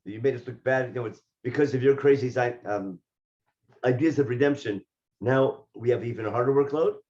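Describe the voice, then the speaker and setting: Rabbi teaching a Torah lesson, lo-fi. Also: male voice, mid-range voice, fairly quick. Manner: reads Hebrew verses and paraphrases them in English; animated when voicing the speakers in the text. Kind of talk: text study lesson.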